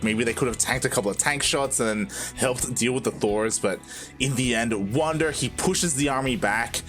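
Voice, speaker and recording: A man's voice: medium pitch, a bit bright. A man casting a live esports match, chatty and rambling, laughing often. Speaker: esports caster. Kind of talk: live game commentary.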